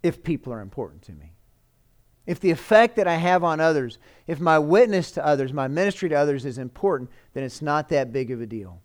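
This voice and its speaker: A man's voice: fairly high pitch, expressive, brisk. A man preaching a sermon as pastor, earnest and pleading, lifting and dropping his voice for emphasis.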